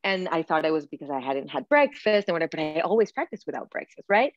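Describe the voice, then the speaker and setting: A woman's voice: low voice, fast talker, no echo. Chatty woman telling a story, muffled. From Panama. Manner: animated, laughing, acts out quotes, many "like" fillers. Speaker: podcast guest, yoga teacher. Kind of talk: casual storytelling interview. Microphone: video call.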